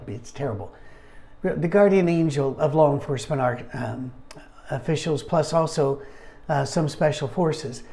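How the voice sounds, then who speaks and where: A man leading a casual Bible study, talking conversationally with wry asides and frequent throat-clearing. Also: on the high side, a little mellow.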